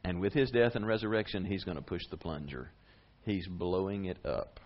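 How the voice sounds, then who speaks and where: A man preaching a sermon as a pastor, conversational and lively, with big rises and drops in his voice. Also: normal speed, muffled recording. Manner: lively, conversational preaching with sharp swings in pitch and volume.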